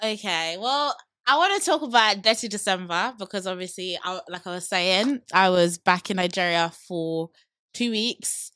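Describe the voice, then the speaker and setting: A woman's voice: mid-range voice, moderate pace, no echo. A young woman in her twenties with a London accent, hosting a podcast and telling stories in casual chat. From United Kingdom. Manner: chatty, animated storytelling with laughs. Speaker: podcast host.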